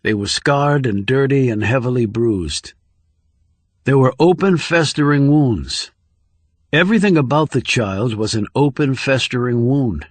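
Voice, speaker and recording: A man narrates a thriller audiobook in a measured, steady storytelling voice of medium pitch. He's on a close studio microphone, and the recording is dry.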